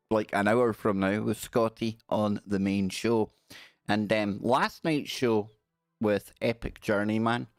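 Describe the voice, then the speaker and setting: A man's voice: medium pitch, no room sound, studio quality. Rambling man hosting a live stream. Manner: rambling, friendly shout-outs to chat. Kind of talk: casual live stream chat.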